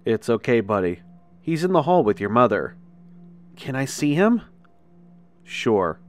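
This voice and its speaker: A man's voice: mid-range voice, big pitch swings, measured pace, soft background music. A man voicing a kind, worried father reassuring his son in a spoken horror story. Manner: gentle, reassuring.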